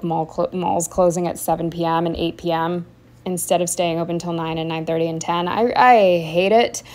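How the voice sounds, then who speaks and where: A young woman talking casually to camera about her week, rambling with lots of fillers and restarts. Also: fairly low pitch. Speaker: vlogger. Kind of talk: casual diary-style chat.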